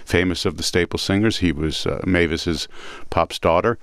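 A man with a Brooklyn accent hosting a radio music segment, telling stories in a relaxed way with many pauses. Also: deep voice, smooth, no echo, clean studio sound. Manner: relaxed storytelling with frequent "uh" pauses. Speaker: radio host. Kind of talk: casual music chat on radio.

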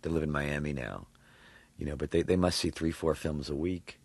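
Interviewed about his acting work, a New Yorker with an extremely low, creaky voice and a breathy edge speaks animatedly and laughs a lot. He works through his thoughts with fillers and restarts, recorded close and dry as in a studio, without echo.

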